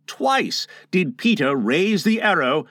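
A man reading a children's novel aloud as an audiobook narrator, with expressive delivery. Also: sits high, slow pace, dry recording, studio quality.

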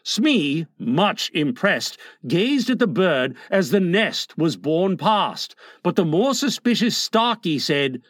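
A man narrating a storybook in an expressive, dramatic reading. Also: a little high, takes it slowly, hardly any pauses, no room sound, studio quality. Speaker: audiobook narrator.

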